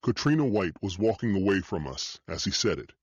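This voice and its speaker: A man narrating an audiobook in the first person, steady and measured. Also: low-pitched, husky, no echo, highs cut off.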